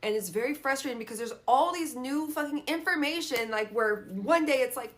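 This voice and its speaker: Frustrated young woman venting, fairly high voice. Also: lively intonation, fast talker, few pauses, a bit bright. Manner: frustrated, frequent "like" fillers and swearing. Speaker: vlogger. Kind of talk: casual venting monologue.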